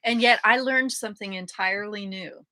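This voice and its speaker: A woman co-hosting a podcast, reading news items and trading deadpan quips. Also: mid-range voice, moderate pace, dry recording, clean studio sound. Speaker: podcast co-host. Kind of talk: news reading and comedic banter.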